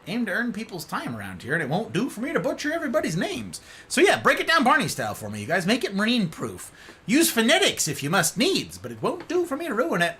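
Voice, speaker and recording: A man's voice: fairly high pitch, sharp tone. A young man chatting casually with his live-stream viewers, playful and theatrical, with old-fashioned turns of phrase.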